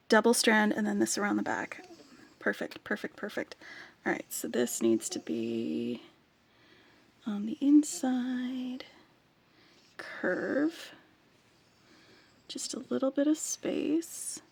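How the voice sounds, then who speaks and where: Slow, gravelly woman talking through a craft project. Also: fairly high pitch, animated. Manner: soft-spoken, often drops to a whisper while working; sings playfully to her dog. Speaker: jewelry-making vlogger. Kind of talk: casual crafting talk while working.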